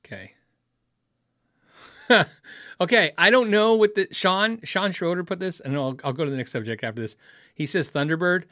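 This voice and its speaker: A man's voice: high-pitched, moderate pace, pauses often, fairly bright tone, no echo, studio quality. A middle-aged man hosting a casual livestream, rambling through a story with self-corrections and chuckles, then answering chat. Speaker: livestream host reading chat.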